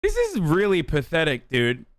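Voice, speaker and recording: A man's voice: on the high side, wildly swooping pitch, normal speed, no echo. A male streamer giving casual, sarcastic and profane commentary on the news.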